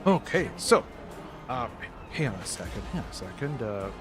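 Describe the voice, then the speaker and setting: A man's voice: medium pitch, very animated, moderate pace. A man hosting a casual game livestream, rambling with lots of restarts and easy laughs. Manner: rambling, many fillers and restarts, laughs easily. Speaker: gaming livestream host. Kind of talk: casual live-stream chat. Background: game music.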